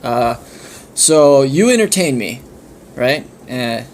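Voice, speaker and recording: Man putting on a blue dragon, bored and hungry, lazy drawl, mid pitch, storytelling voice. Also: animated, takes it slowly, slight background noise.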